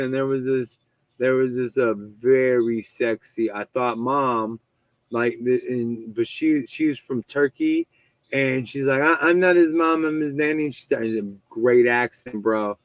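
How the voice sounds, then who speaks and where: A man's voice: mid-range voice, fairly even intonation, measured pace, no room sound, rough recording. A man in his thirties hosting a casual podcast, telling stories in a rambling way with lots of swearing and restarts. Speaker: podcast host. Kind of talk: casual chat.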